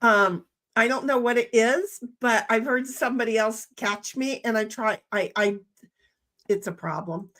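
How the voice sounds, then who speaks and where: A woman's voice: a little high, measured pace, fairly bright tone. An older woman co-hosting a casual livestream, reading chat messages aloud in playful voices.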